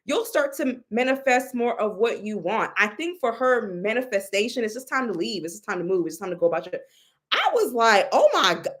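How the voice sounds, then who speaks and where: Animated woman telling a story. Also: medium pitch, fairly quick, few pauses. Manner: expressive, exclaims and mimics others, many restarts. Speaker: storyteller recounting a reading.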